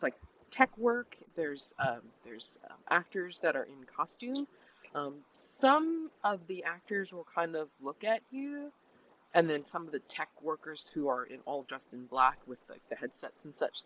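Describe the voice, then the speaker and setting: A game master narrates a tabletop role-playing session, chatty and animated, with plenty of fillers. His voice is mid-range, and the recording is rough.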